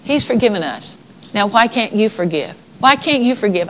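A woman's voice: medium pitch, lively intonation, moderate pace, a little hiss or hum, low-quality recording. A woman preaching a sermon in a conversational, folksy way, reading scripture aloud and addressing her congregation.

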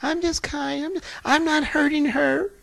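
A man voicing a sly demon spirit that talks soft and demure, then turns to defiant shouting. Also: very high voice, fairly even intonation, moderate pace, gravelly, no echo, voice pushed up, heavily acted. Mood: sweet demure.

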